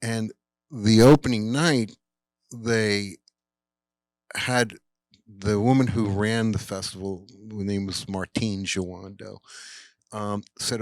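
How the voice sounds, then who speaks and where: A man's voice: on the low side, slow pace, pauses often, dry recording. Rambling storyteller man, dry sound. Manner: rambling, animated, full of fillers and acted-out quotes. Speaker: guest filmmaker at a Q&A. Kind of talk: casual anecdote telling. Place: cinema Q&A.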